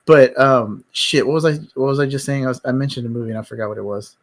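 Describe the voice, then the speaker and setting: Dude rambling on stream about movies, blunt, swears a ton, mid-pitch voice. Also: male voice, fast talker. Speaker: stream host. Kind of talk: casual chat.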